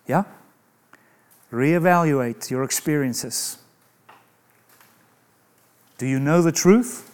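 A man's voice: fairly high pitch, very slow, pauses often, a little mellow, clear, resonant tone. A man preaching a sermon in an emphatic way, asking rhetorical questions and adding humorous asides.

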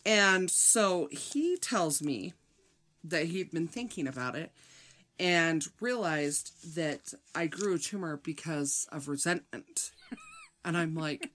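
A woman from the Midwest, co-hosting a podcast and telling a story in a dry, unhurried way. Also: deep voice, expressive, a bit bright. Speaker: podcast co-host. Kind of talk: casual chat.

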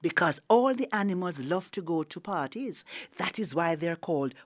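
A woman with a Jamaican accent telling a folk tale in a lively, sing-song way with playful asides. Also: fairly low pitch, normal speed, no room sound. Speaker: storyteller. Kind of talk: animated folk storytelling.

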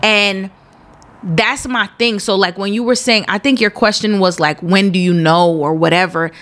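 A young adult woman hosting a podcast, talking candidly and emphatically in casual chat, sometimes in quick bursts. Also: medium pitch, steady tone, fairly bright tone. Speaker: podcast host.

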